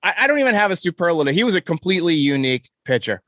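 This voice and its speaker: Stat-quoting New man, fairly high. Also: big pitch swings, very fast, fairly bright tone, no room sound, clean studio sound. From New York. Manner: stat-heavy, enthusiastic, self-correcting. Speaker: podcast host. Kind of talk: casual sports podcast chat.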